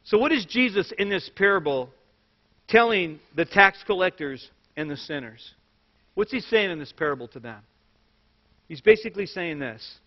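A high-voiced man preaches a sermon, moving between scripture and animated personal stories with light jokes. His voice carries a long hall echo, and the recording sounds dull and lo-fi. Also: normal speed. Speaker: pastor.

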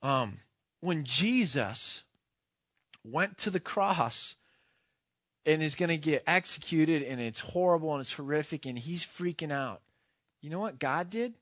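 A man preaching a sermon, earnest, moving from quiet, hushed passages to loud, impassioned ones. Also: on the high side, expressive, a little slow, no echo, clean studio sound. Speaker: pastor.

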